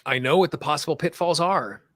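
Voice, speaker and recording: A man leading a guided tapping session, speaking slow soothing affirmations with chatty asides between them. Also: a little high, fairly bright tone, no room sound. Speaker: tapping coach.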